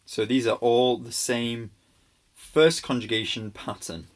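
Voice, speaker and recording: A man's voice: medium pitch, steady tone, a little slow. A man giving a casual grammar lesson over slides, patient and reassuring, with many ums and small restarts. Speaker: language teacher.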